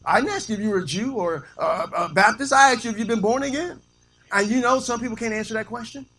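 Husky, bright-voiced pastor preaching a sermon. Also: male voice, sits high, fast. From Illinois. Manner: preaching with call-and-response amens, quoting scripture; playful, teasing the congregation.

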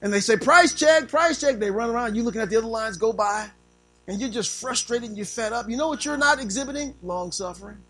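A man preaching a sermon, animated, using call-and-response and acting out little scenes. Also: high voice, quick pace, poor audio. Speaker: pastor.

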